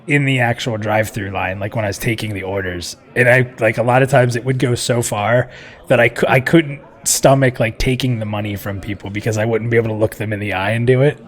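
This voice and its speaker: A man's voice: medium pitch, fairly even intonation, fairly quick. A man hosting a live stream show in casual chat, joking and chatty, laughing often.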